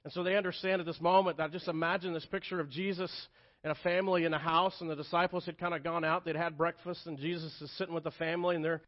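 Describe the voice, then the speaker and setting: Man, pastor, sermon, earnest storyteller, slightly raised pitch, dull lo-fi church recording. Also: flat delivery, fast talker. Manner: earnest storytelling, drops soft and quiet for tender moments. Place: church sanctuary.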